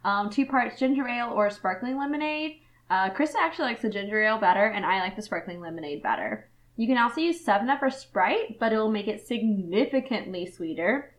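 A woman's voice: mid-range voice, lively intonation, a little fast, low-quality recording. A woman co-hosting a casual book podcast over drinks, giggling often and swearing offhandedly. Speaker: podcast co-host.

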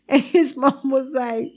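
A woman telling animated stories in casual chat, switching between English and Spanish, swearing freely and often laughing. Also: sits high, takes it slowly. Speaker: girlfriend telling stories about her partner.

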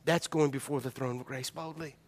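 A man's voice: mid-range voice, steady tone, brisk. A man preaching a sermon to his congregation, calling out for responses and acting out a heartfelt prayer. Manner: emphatic preaching, calls out to congregation, acts out prayers. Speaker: pastor.

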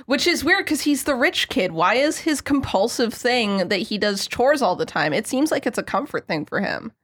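A woman chatting casually about a movie, quick and laughing, rising in pitch when she makes a point. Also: big pitch swings, a bit bright, slightly rough. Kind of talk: casual movie review chat.

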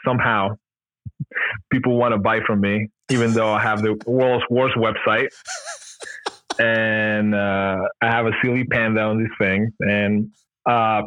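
On lo-fi audio without echo, a gear company founder with a fairly low voice shares his story as a podcast guest. His interview storytelling is casual and loose, peppered with "like" and "you know," and he frequently laughs at himself.

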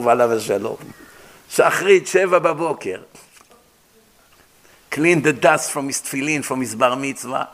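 A middle-aged man giving a storytelling sermon as a rabbi, animated, acting out dialogue and mixing in Hebrew terms. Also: high voice. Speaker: rabbi lecturer.

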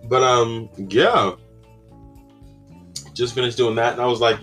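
A man's voice: mid-range voice, steady tone, a little slow, a bit bright, soft background music. A man hosting a casual solo podcast, rambling and chatty with lots of fillers and exclamations. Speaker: podcast host.

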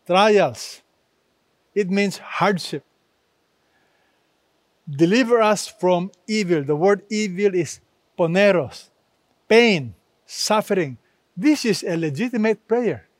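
A high-pitched man preaching a sermon in an unhurried, measured way. He lands each phrase with emphasis, and the sound is close and dry. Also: no room sound. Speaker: pastor.

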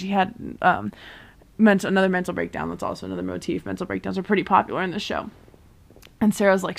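A young woman talks through a TV season in an easy, rambling way. She fills her sentences with "like" and "um" and briefly acts out the characters' lines in quick paraphrase as she goes. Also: mid-range voice, vocal fry. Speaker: vlogger recapping a TV show. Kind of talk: casual chatty recap.

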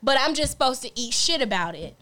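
A woman's voice: high-pitched, fairly quick. A young adult woman co-hosting a casual comedy podcast, telling stories animatedly with plenty of profanity. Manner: animated storyteller, profane, rises sharply when retelling. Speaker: podcast co-host.

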